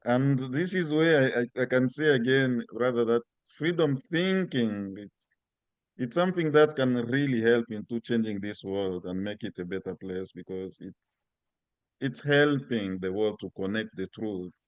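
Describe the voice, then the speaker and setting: Slow, calm-spoken man from Congo. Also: mid-range voice, dry recording. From Democratic Republic of Congo. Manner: calm, slow and measured, repeating key phrases. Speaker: guest speaker. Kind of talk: spiritual talk.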